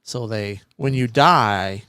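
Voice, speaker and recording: A man's voice: lowish voice, takes it slowly, bright, forceful tone, smooth, no room sound, clean studio sound. A man co-hosting a casual podcast, cracking playful jokes and wisecracks. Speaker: podcast co-host. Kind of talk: casual chat over beers.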